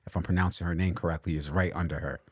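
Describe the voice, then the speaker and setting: Really deep voiced guy running the topics on a podcast, casual, hits the stats hard. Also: steady tone, racing, dry recording, studio quality. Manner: leads topics, emphasizes stats. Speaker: podcast co-host. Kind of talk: casual sports chat.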